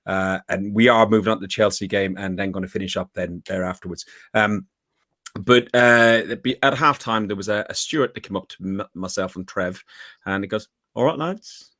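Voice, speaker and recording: Man, podcast host, casual football chat, rambling with fillers, lowish voice. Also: steady tone, a little fast, sharp tone, no echo, studio quality. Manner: rambling anecdotes with many fillers.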